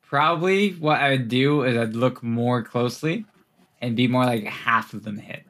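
A man's voice: mid-range voice, normal speed, fairly bright tone. A man running a tabletop game as game master, talking loosely with fillers and laughter. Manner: loose and chatty, many fillers, laughs often.

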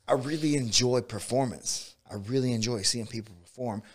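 A man who coaches jiu-jitsu and MMA, talking in a relaxed, rambling way and often saying "dude" and "like". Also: medium pitch, normal speed. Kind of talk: casual conversation.

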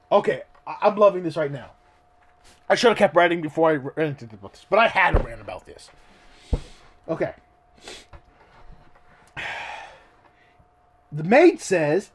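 A man reading a story aloud and ranting about it in excitable, profane commentary. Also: high voice, measured pace, long pauses. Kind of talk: ranting read-along commentary.

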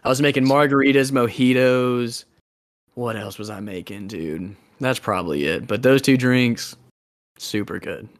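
A man's voice: mid-range voice, moderate pace. A young man with a Southern Arkansas accent, co-hosting a podcast in casual, joking chat and saying dude a lot. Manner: laid-back, joking, says dude a lot. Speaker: podcast co-host.

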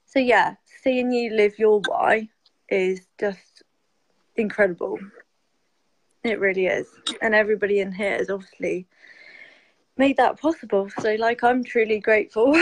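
A woman's voice: medium pitch, steady tone, unhurried, no room sound, low-quality recording. A woman guest on a live stream, talking casually and emotionally, with many "like" fillers. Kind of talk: casual heartfelt chat.

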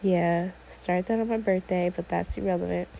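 An eighteen-year-old woman talking alone on her own podcast, her voice mellow and low in tone with a lot of vocal fry. She rambles and wanders off topic, filling her speech with "like" and "oh my gosh.". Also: fairly even intonation, normal speed, slight background noise, rough recording. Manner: rambling, often sidetracked, many "like"s. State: a little emotional, teary. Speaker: podcast host. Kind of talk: casual solo podcast monologue.

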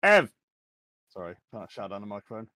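Low-voiced man, chatty. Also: moderate pace, a bit bright, no echo. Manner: rambling, self-deprecating, laughs often. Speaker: podcast guest, streamer. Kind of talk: casual chat.

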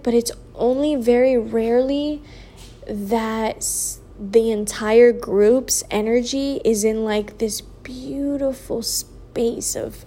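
Sleepy young woman vlogging a story, kinda high voice, talks real slow, lots of "like". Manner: slow, drawn-out talk full of "like" and soft trailing asides. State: sleepy, yawning. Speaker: vlogger sharing a personal story. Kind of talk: casual storytelling.

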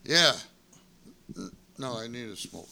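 A middle-aged man and former wrestler tells road stories in a casual, profane chat, animatedly acting out what people said. His medium-pitched voice is creaky and a little slow, with slight background noise.

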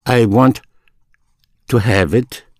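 An older man teaching a recorded language lesson, slow and deliberate, repeating phrases for the learner. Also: medium pitch, darkish tone, dry recording, clean studio sound.

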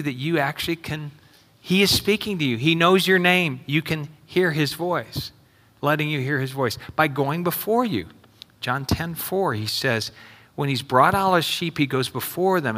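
A man's voice: medium pitch, bright, forceful tone. A male pastor preaching an earnest sermon and often repeating his questions to the congregation. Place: church sanctuary. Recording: long reverb in a hall.

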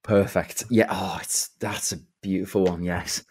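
A man's voice: low-pitched, a little slow, a little hiss or hum. A man, a podcast guest and impressionist, chatting casually and laughing often. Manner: animated, laughs often, breaks into character voices. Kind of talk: casual chat with quick impressions.

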